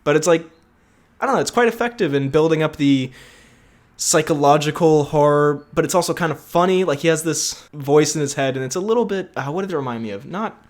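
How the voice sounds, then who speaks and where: A man's voice: on the high side, fairly quick. A young man co-hosting a podcast in casual chat, rambling and laughing often. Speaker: podcast co-host.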